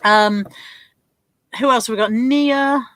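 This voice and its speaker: A woman hosting a casual livestream from her home desk, chatting and reading out viewer names in quick lists. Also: on the high side, a bit bright, no room sound. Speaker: livestream host.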